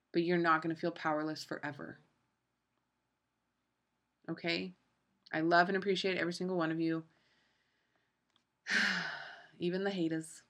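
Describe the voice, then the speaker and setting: Young woman podcast host, earnest and foul-mouthed motivational talk, a bit low-pitched, bright edge. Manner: earnest, profane, lots of fillers.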